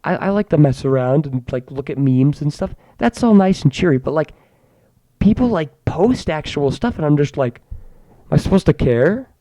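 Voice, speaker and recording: Here a teen student rants to camera for comic effect, putting on a sarcastic, mock-grandiose air and often stumbling and restarting his words. His voice is fairly high, warm, and lively in intonation, at a moderate pace, and the recording is dry.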